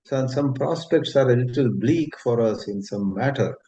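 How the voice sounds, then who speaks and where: A spiritual teacher with an Indian English accent and a mid-range voice gives a gentle, unhurried talk, telling a story and rephrasing his words as he goes. The recording sounds dull and lo-fi.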